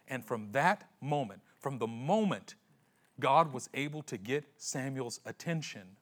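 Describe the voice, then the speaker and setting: A man preaching a sermon, retelling a story with slangy acted-out voices and dramatic pauses. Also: medium pitch, expressive. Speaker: pastor.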